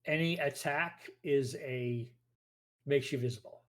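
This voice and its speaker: A man's voice: mid-range voice, unhurried, fairly bright tone. A man running a tabletop role-playing game as game master, narrating scenes and explaining rules plainly.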